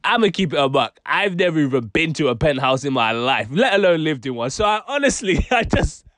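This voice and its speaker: A man's voice: fairly high pitch, big pitch swings, a little fast, a bit bright, no echo, studio quality. A young British man giving exasperated, slangy opinion commentary on a vlog. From United Kingdom. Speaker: commentary YouTuber.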